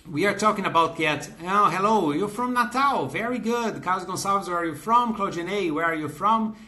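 Bright-voiced Brazilian man teaching English. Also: sits high. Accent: Brazilian Portuguese. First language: Portuguese. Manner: greets viewers by name, reads out their comments, many fillers and restarts. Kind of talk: live online English class.

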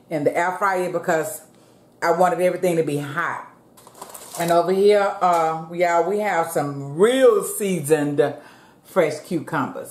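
A woman hosting a casual eating show from her home, chatting to viewers in a relaxed way and calling them "y'all". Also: on the low side. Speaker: mukbang vlogger. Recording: roomy echo.

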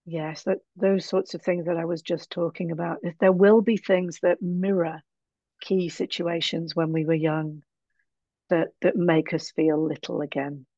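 A woman with a lowish voice answers frankly and thinks aloud as she talks. The sound is dry and a little dull, like a lo-fi remote recording. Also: fairly even intonation, a little slow, warm tone, no room sound. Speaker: interview guest. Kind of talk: casual conversational interview.

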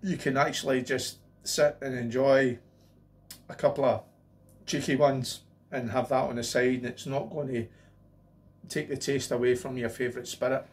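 A man's voice: medium pitch, fairly even intonation, moderate pace. Chatty man reviewing lager. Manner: chatty, rambling, jokey asides. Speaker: beer reviewer. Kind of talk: casual beer review vlog.

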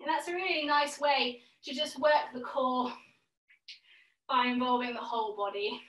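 Leading a yoga class, this woman speaks with a high, fairly bright voice and fairly even intonation. She encourages her students warmly and calls out poses in quick rounds, heard from afar in a room with echo.

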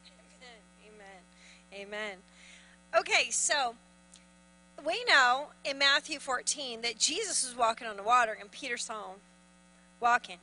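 A woman pastor preaching with a high, very bright voice. She is animated and acts out little voices as she preaches. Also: normal speed, long pauses, low-quality recording. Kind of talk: sermon.

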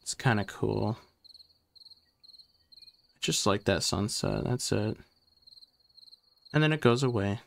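A young man giving casual gameplay commentary as he sorts items and talks to himself, trailing off into fillers, and he gets loud and excitable once a fight starts. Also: lowish voice, slow pace, vocal fry, long pauses, slight background noise. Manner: excitable, yells taunts when a fight starts. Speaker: gaming YouTuber.

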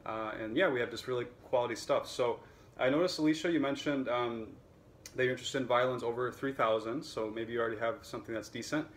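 A man who teaches and sells violins, talking casually to camera in a relaxed, chatty way with plenty of fillers. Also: mid-range voice, fast, a little hiss or hum. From United States.

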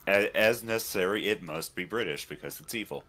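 Deep-voiced wry man co-hosting. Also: a little fast, bright, forceful tone. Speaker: stream co-host. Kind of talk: casual chat.

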